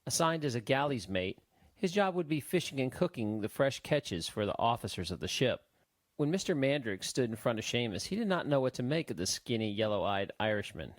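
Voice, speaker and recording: A male audiobook narrator reads the story with a lively, rising-and-falling pitch. His voice sits in a middle register and is recorded dry and close. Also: fairly quick, no room sound. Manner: expressive storytelling.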